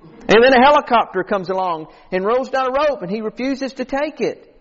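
A man's voice: extremely high pitch, animated, normal speed. A man preaching a sermon in an earnest, folksy way, telling illustrative stories. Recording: echoey hall, dull lo-fi recording.

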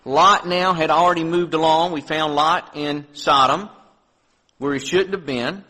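A male pastor delivers a sermon with a slightly raised voice. He talks earnestly and conversationally, lifting his voice when he reads scripture and dropping to a softer tone when he reflects. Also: fairly high pitch, fairly even intonation, a little slow, poor audio. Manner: earnest preaching, rising on scripture readings, dropping soft on reflections.

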